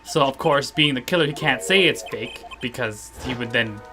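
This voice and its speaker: A man's voice: medium pitch, music in the background. A man streaming a game, chatting casually and explaining the story, laughing often. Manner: chatty, laughs often, puts on quick silly voices. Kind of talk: casual let's-play chat.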